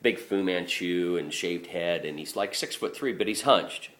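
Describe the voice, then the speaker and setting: A man with a fairly low voice tells stories from his garbage route in an offhand way. He is blunt and swears freely, and he circles back and restarts his sentences as he goes. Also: moderate pace, fairly bright tone. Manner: blunt and profane, rambling with restarts. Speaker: garbage truck driver. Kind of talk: casual storytelling monologue.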